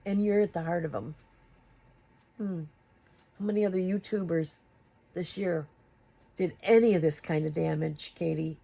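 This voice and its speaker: A woman's voice: fairly low pitch, normal speed, creaky, long pauses, warm tone. A woman giving confrontational commentary, firing rhetorical questions at another creator. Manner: confrontational, rhetorical questions, rising to exasperated emphasis. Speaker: commentary YouTuber.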